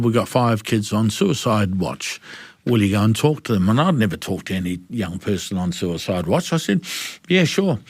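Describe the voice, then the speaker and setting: A middle-aged man with a New Zealand accent speaks in a lowish voice with no echo. He's a guest in an interview, talking candidly and telling stories with animation, acting out the dialogue himself.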